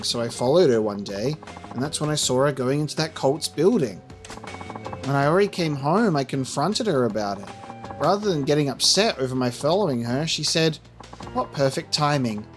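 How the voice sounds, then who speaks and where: A man's voice: fairly high pitch, big pitch swings, normal speed, faint music behind. A man voicing a worried middle-aged mother pleading to get her daughter back. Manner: anxious, pleading. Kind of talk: reading game dialogue aloud.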